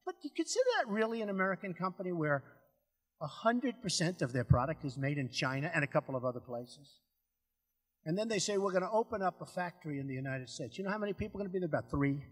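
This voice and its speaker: A man's voice: high-pitched, expressive, fast talker, husky. Boastful older man speaking in an echoing hall. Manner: boastful, rambling, repetitive, acts out phone calls. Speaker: political speaker. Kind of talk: rally speech. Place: large hall before an audience. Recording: speech in a large echoing hall.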